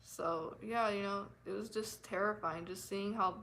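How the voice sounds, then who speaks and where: A young woman telling a painful personal story on her vlog, emotional and halting, repeating herself with nervous laughs. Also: medium pitch, fairly even intonation, a bit bright, low-quality recording. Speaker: vlogger.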